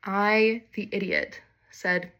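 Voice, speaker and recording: A woman's voice: medium pitch, steady tone, takes it slowly, background noise. A young woman telling a candid, wry personal story in a casual monologue, swearing freely and poking fun at herself.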